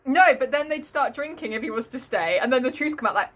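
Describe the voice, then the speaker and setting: A young woman with a high, bright voice that swings widely in pitch, co-hosting a casual podcast chat. She is playful and jokey, acting out imagined dialogue as she talks. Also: expressive, fast. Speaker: podcast co-host.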